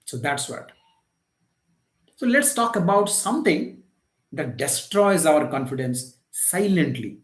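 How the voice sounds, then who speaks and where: Guy coaching, slow and lively, kinda high voice, echoey room. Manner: slow, emphatic lecturing with rhetorical questions. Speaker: life coach. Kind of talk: motivational live session talk.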